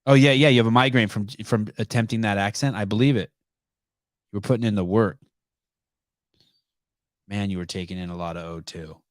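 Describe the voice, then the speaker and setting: Low-voiced profane podcast host, dry close mic. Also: male voice, fairly quick, pauses often, dry recording. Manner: loose, profane, rambling storytelling; laughs easily. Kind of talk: casual call-in podcast chat.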